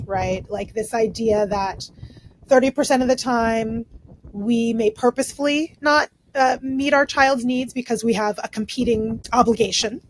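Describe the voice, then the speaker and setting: A woman's voice: on the high side, rough recording. A woman who is a clinical psychologist, explaining in a casual, chatty way with frequent fillers and "right?" tags.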